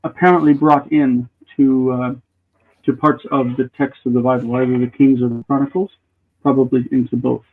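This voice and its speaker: A man's voice: medium pitch, gravelly, breathy edge. A man teaching classical Hebrew grammar in a live online class, explaining at length and thinking aloud with restarts. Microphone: video call. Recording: tinny phone-like call audio.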